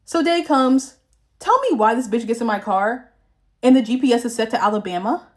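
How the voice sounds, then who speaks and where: A woman's voice: fairly high pitch, lively intonation, normal speed. A young woman from the Southern United States, chatting frankly and profanely while doing her makeup, telling a story about a fake friend. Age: young adult. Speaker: vlogger.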